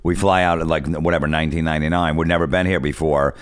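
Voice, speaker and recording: Deep-voiced New guy telling stories. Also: fairly even intonation, fast, smooth, dry recording. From New York. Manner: rambling anecdotes, acts out other people's lines. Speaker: guest comedian. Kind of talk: casual storytelling chat.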